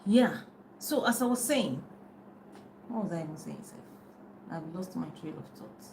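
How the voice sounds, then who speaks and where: A middle-aged life and business coach chats casually on a live video shot on a phone, often losing her thread and laughing. Her fairly low voice is gravelly, darkish, and expressive at a moderate pace. The low-quality recording has slight background noise.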